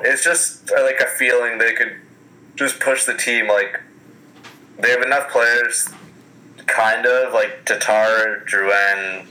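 A man's voice: fairly low pitch, bright, forceful tone, poor audio. A man chatting casually about hockey as a podcast co-host, blunt and swearing freely.

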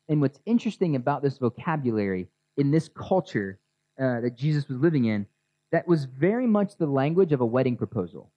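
A man delivers a casual, conversational sermon, guiding his listeners through imagined scenes. His voice sits a little high for a man, with a mellow, soft-edged tone. The recording is dull and lo-fi. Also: lively intonation, normal speed, no echo. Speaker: pastor. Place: outdoors near a grassy area with children. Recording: dull lo-fi sound.

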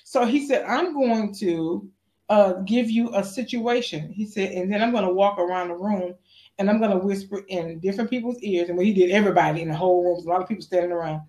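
An actress being interviewed, telling stories in a lively, animated way and acting out the voices of the people she quotes. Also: brisk. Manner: acts out quotes with big pitch jumps. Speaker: actress guest. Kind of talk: animated storytelling.

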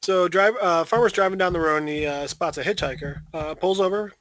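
A man's voice: high-pitched, fairly quick, a bit bright, no room sound. A man co-hosting a podcast, telling jokes in a loose, rambling way full of "uh"s. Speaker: podcast co-host. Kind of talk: casual joke-telling chat.

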